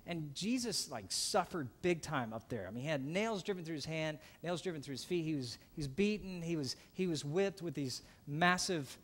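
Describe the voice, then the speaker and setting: A man preaching a sermon as pastor, earnest and swinging between emphatic passages and hushed, softly spoken ones. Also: a little high, expressive, moderate pace, few pauses.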